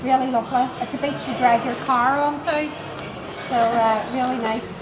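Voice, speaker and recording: A woman's voice: high voice, fairly even intonation, moderate pace, music in the background. A woman giving a traveller directions, helpfully pointing out places along the coast on a map. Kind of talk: casual conversation. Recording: echoey with loud background noise.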